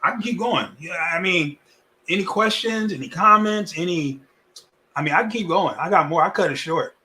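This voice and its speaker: Animated preaching man, slightly high voice. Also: normal speed. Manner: lively preaching with wide swings between loud and hushed; folksy, repetitive phrasing. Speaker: pastor. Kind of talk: sermon.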